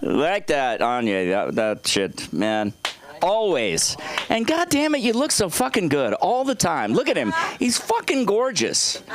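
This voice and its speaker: A man doing a rambling, profane stand-up set on a comedy club stage, jumping into loud high bits. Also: wildly swooping pitch, a little slow, a crowd in the background. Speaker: stand-up comic.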